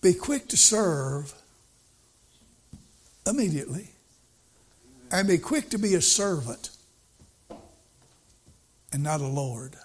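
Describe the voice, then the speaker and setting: A man's voice: fairly high pitch, sing-song, takes it slowly, long pauses, husky. A male preacher giving a sermon in a folksy, storytelling way, repeating his points for emphasis.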